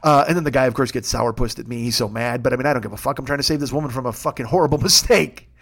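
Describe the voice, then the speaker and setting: A man's voice: mid-range voice, rapid-fire, fairly bright tone. A man hosting his own show in a casual comic monologue, rambling and profane with a wry tone. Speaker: podcast host.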